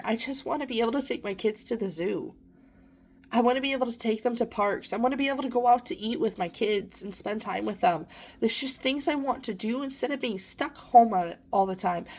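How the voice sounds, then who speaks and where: A young woman talking earnestly in a personal vlog, sometimes close to tears as she encourages herself and her listeners. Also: on the high side. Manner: earnest, emotional, self-encouraging. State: near tears at times. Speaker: vlogger. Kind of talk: personal reflective monologue.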